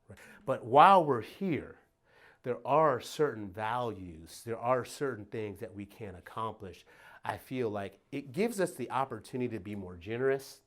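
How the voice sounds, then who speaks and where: A middle-aged man from Detroit gives a motivational talk at a workplace event. His voice rises and falls in a lively, animated way. He is emphatic and folksy, and he laughs as he keeps asking the room "right?". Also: medium pitch. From Detroit, USA. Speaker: motivational speaker.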